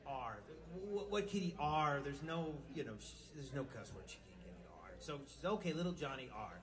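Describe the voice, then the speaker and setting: A man's voice: on the high side, sing-song, moderate pace. A man telling crude jokes in a rambling live stand-up set. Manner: rambling, crude, loose storytelling. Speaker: stand-up comedian. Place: small live venue with music. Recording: live club recording with crowd and music. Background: music and audience noise.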